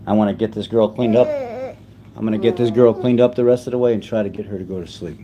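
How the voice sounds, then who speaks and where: A man hosting a casual livestream, chatting gently and unhurriedly as a father while he tends his baby. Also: lowish voice, steady tone, fast talker, muffled recording.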